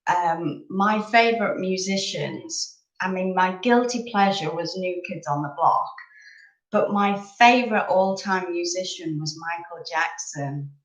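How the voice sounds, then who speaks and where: A woman's voice: lowish voice, unhurried, reverberant, poor audio. A woman in her thirties from England, chatting casually and rambling a little as she hosts a live chat over coffee. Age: 30s.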